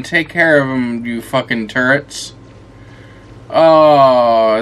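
A drowsy man commenting on a video game in a loose, rambling way, swearing freely and chatting at the characters on screen. His delivery is slow and dragging, as though he needs a nap. His voice sits at an ordinary middle pitch for a man. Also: fairly bright tone. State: tired and yawning. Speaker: gameplay commentator. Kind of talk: casual let's-play commentary.

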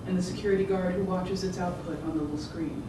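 An author giving a measured, rhythmic public reading of their own fiction. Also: mid-range voice, fairly even intonation. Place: event room. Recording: echoey room, distant mic, background noise.

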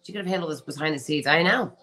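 Bright-voiced chatty woman livestreaming. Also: low-pitched, fast talker, faint music behind. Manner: chatty, reads viewer comments aloud, laughs often. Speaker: livestream host. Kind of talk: casual livestream chat.

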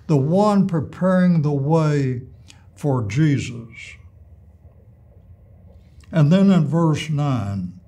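A man teaching an adult Bible class, reading scripture aloud and explaining it in a measured way with pauses and restarts. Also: fairly high pitch, mellow.

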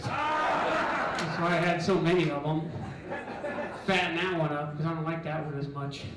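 A middle-aged man doing a stand-up comedy set on a club stage, loud and bantering as he acts out characters. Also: on the high side, expressive, a little slow, pauses often, distant mic, over a noisy crowd. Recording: echoey club recording from afar. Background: audience laughter.

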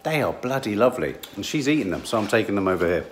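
A man's voice: lowish voice, big pitch swings, fast, echoey room, a little hiss or hum. Sarcastic English man grumbling in kitchen. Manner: dry, sarcastic, grumbling banter. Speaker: husband on a family vlog. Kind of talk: casual banter. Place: home kitchen.

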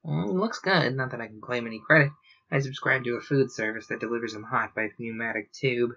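A man reading aloud, voicing a guilt-ridden male alien official who speaks in a choked, halting hush. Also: medium pitch, vocal fry, highs cut off. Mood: lightly coaxing.

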